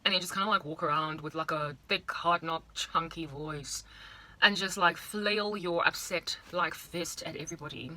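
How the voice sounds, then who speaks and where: A woman's voice: deep voice, normal speed, pushed and bright. A South African woman in her thirties, rambling playfully through a casual monologue with exaggerated asides. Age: 30s. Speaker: vlogger.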